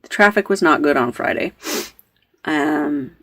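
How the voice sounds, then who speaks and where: A woman's voice: deep voice, a little slow, a bit bright. A woman hosting a knitting podcast, telling a story in a chatty, rambling way with plenty of fillers and asides. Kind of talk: casual storytelling chat.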